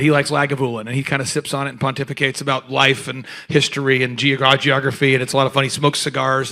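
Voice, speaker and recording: An animated man running a business workshop in front of a live audience. His voice sits high for a man, and he keeps throwing questions at the crowd and cracking jokes. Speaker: host. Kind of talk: energetic business workshop talk.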